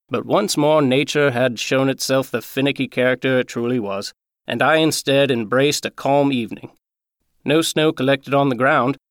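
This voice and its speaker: A man reading a Christmas story aloud, measured and earnest. His voice sits at a middle pitch and sounds dry and close. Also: no room sound.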